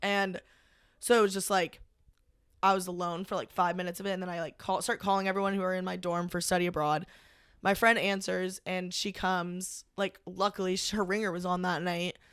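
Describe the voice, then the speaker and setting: A young woman, a podcast guest, recounting a personal story in casual conversation, halting and full of "like". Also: on the low side, level tone, a bit bright, clean tone, no room sound, clean studio sound. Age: young adult. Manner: halting, heavy use of "like", emotional retelling.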